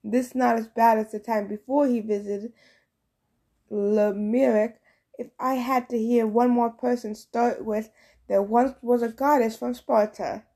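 A woman's voice: a little high, fairly even intonation, measured pace, warm tone. A woman voicing a proud, formal young huntress in an audiobook, speaking with a disdainful tone. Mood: dry.

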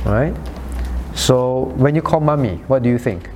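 Male pastor, medium pitch, conversational teaching with direct questions, slight background noise. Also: a little slow, darkish tone. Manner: questions listeners by name; rhetorical "right?" checks. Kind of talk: sermon-style Bible study.

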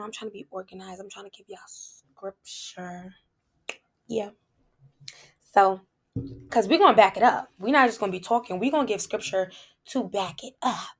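A woman hosting a podcast, telling a casual faith testimony in an animated, colloquial way and speaking straight to her listeners. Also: mid-range voice. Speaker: podcast host.

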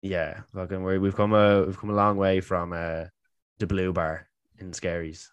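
A man's voice: deep voice, little pitch movement, moderate pace, clean tone, no room sound. A man hosting a casual chat with an old friend, laughing often and swearing freely. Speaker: podcast host.

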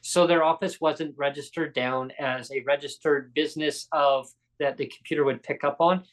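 Male podcast host, rambling storyteller who acts out dialogue, slightly high voice. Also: fairly even intonation, normal speed, poor audio. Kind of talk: casual storytelling in a live-streamed chat.

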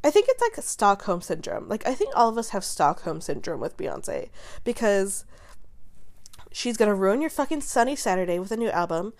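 A young adult woman hosting casual pop-culture commentary, talking in quick, animated, profane rants with a sarcastic edge and frequent laughter. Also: medium pitch. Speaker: host.

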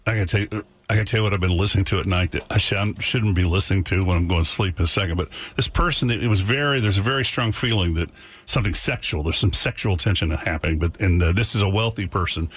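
A man hosting a radio show, telling a rambling story with halting restarts in casual banter. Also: low voice, slightly rough.

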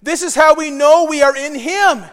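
A man's voice: extremely high pitch, normal speed, fairly bright tone. A man preaching a sermon as pastor, in a conversational style. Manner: conversational, acts out quoted voices. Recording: long reverb of a large hall.

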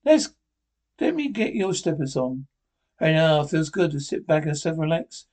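Tender wife, soothing, affectionate, 1950s radio play acting. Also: female voice, deep voice, very animated, moderate pace, a little mellow.

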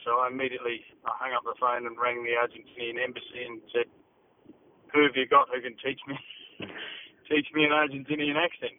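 Man with an Australian twang on a phone line. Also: medium pitch. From England. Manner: hesitant, many fillers and restarts. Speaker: interview guest, actor. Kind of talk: phone interview, casual recollection.

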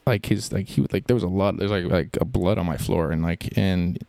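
Very low-voiced rambling man. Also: fairly even intonation, a little fast, creaky, darkish tone, no room sound. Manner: rambling, filler-heavy. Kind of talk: improvised comedy chat.

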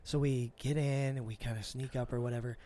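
A man co-hosting a podcast, telling a long story in casual, profane chat and acting out the quotes with lively swings. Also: mid-range voice, a little fast, dry recording. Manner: animated, profane, acts out quotes. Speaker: podcast co-host.

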